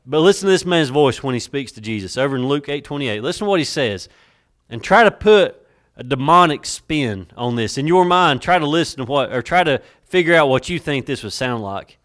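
Brief: male preacher, church sermon, dramatic swings from hushed to loud, mid-pitched voice. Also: lively intonation. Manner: dramatic, varying loudness, drawn-out emphasis; repeats words and restarts while building a point. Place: church sanctuary. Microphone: worn mic.

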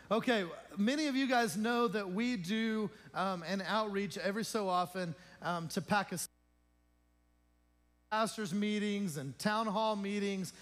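A man's voice: sits high, lively intonation, a little slow, fairly bright tone. A male pastor making informal announcements to his congregation in a church, joking and chatty and often asking the room questions. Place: church sanctuary.

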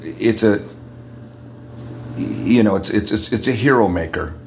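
A man with a deep radio voice, a guest in a casual podcast chat, who often repeats words as he starts a thought. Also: measured pace, slight background noise. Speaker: guest, makeup artist.

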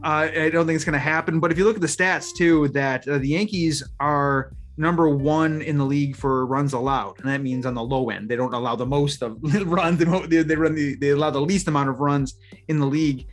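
A man's voice: a little high, steady tone, a little fast. A man co-hosting a sports betting podcast, rambling through his picks in a chatty way with restarts. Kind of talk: casual chat.

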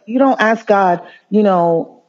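Earnest, impassioned male nurse on lo-fi audio. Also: high voice. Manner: earnest, impassioned, halting with restarts. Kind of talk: interview guest. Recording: muffled lo-fi audio.

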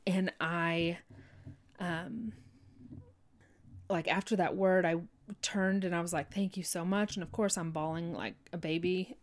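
A woman telling a heartfelt personal faith story in an earnest, halting way, full of restarts and fillers like "you know". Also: fairly low pitch, fairly even intonation.

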